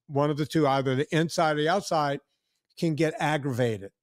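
A man's voice: a little high, a little fast, dry recording, studio quality. A man in his sixties hosting a podcast, rambling in casual chat with many restarts and acted-out quotes. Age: 60s. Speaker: podcast host.

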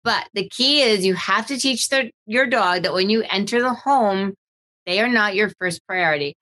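A woman hosting a dog-training podcast in casual chat, animated and acting out voices of dogs and owners. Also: mid-range voice, normal speed, rough recording.

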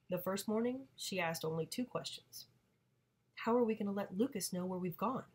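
A woman teacher reading a novel aloud to her students, giving the father's lines a louder voice and the mother's a quieter one. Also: on the low side. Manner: reads dialogue with raised voice for the father, quieter for the mother. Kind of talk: read-aloud storytelling.

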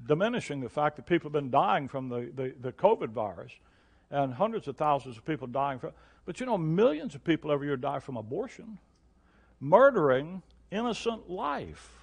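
An older man preaching an emphatic sermon as pastor, his delivery rising to loud, forceful peaks. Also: sits high, gravelly.

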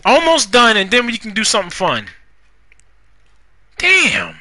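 A young man giving casual, profane commentary while playing a life-simulation game, scolding the characters out loud. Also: high-pitched, unhurried, pauses often. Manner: animated, profane, talks to the game characters, rhymes jokingly. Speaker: gaming YouTuber. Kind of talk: casual Let's Play commentary.

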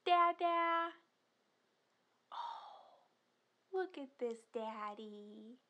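A young woman teaching first words to toddlers in a slow, exaggerated sing-song voice, with excited gasps and drawn-out simple words. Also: high-pitched. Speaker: children's educator, speech therapist.

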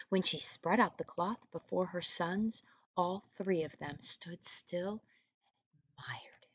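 Woman, teacher, storybook reading, soft questioning asides, mid-pitched, dry close sound. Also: no echo. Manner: pauses to ask the children questions, with soft hushed asides. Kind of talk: reading a storybook aloud to young children.

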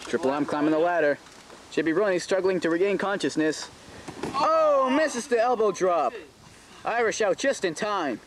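A man giving excited play-by-play commentary on a backyard wrestling match, gasping "oh" at every move. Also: sits high, moderate pace, crowd noise. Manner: excitable, frequent gasps of "oh". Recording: noisy outdoor camcorder audio.

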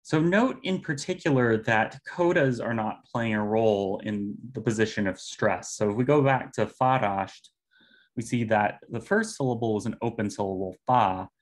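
A man giving an academic linguistics talk over a video call, explaining step by step with pauses and fillers. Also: lowish voice. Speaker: linguistics presenter.

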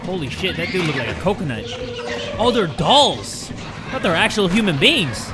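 A young man giving jokey, excitable commentary while playing a game, jumping between loud yelps and low mutters. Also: normal speed, over music. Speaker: gaming YouTuber. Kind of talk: let's play commentary.

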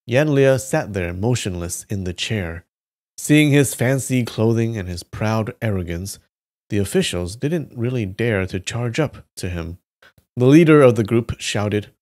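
A man reading a story aloud on a live stream with steady delivery. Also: medium pitch, a little slow. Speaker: live reader.

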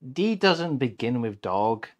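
A man's voice: mid-range voice, sing-song, slow pace. A man voicing a sceptical storybook cat.

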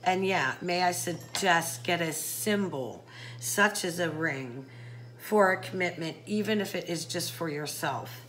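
Low-voiced woman giving a chatty tarot reading. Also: a little slow, fairly bright tone, a little hiss or hum, low-quality recording. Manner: chatty, addresses viewer by sign, many fillers. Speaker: psychic tarot reader. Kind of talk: casual tarot reading to camera.

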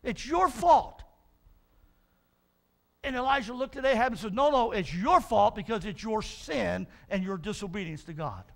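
A middle-aged male pastor preaching a sermon, telling Bible stories in an animated way, acting out the figures and building to shouts. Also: high-pitched, fairly quick, vocal fry, few pauses.

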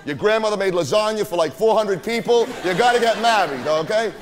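A man's voice: high voice, fairly quick, noisy background, natural voice. A man performing a swaggering, profane streetwise young guy on a live stage, telling a rowdy party story and forever asking "right?". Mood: boastful. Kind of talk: live stage character monologue. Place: theater stage.

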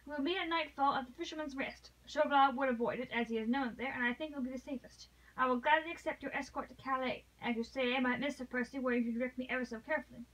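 A woman's voice: high-pitched, steady tone, fast, few pauses, a bit bright, far from the mic, poor audio. A woman voicing a noble English lady who pleads with passion, read aloud from a novel. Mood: resolute. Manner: impassioned, pleading.

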